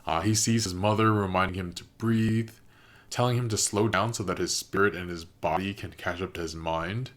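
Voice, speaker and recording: Guy with kinda low voice chatting thru his reaction, thoughtful, figuring stuff out as he goes. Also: fairly even intonation, moderate pace, fairly bright tone. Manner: thoughtful, musing, analytical. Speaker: reaction video host. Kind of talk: casual spoken commentary.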